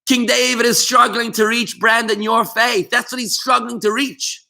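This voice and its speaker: A man's voice: very high-pitched, flat delivery, normal speed, vocal fry, pushed and bright. A man teaching a Torah lesson to students in an online class, speaking with passion and emphasis, often calling on students by name.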